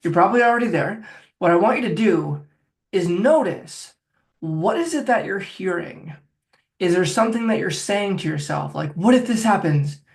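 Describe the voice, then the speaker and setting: A man's voice: high-pitched, lively intonation, moderate pace, gravelly. A man working as a phobia coach, talking the listener step by step through a guided self-help exercise. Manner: directive, coaching, talks viewer through steps.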